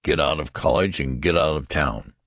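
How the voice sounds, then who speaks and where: A man's voice: rumbling low, moderate pace, a bit bright, no echo, clean studio sound. A man voicing a stern, irritable older college registrar who talks in a curt, scolding way, in an audiobook.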